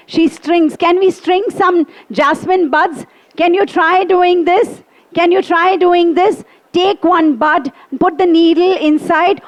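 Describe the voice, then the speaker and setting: A middle-aged woman telling a story to children, playful, making sound effects and asking the listeners questions. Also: very high voice.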